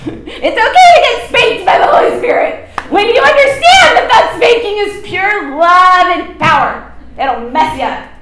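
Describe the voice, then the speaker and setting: A woman preacher giving an informal, emphatic sermon, animated and often laughing. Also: extremely high pitch, a little slow, roomy sound, slight background noise.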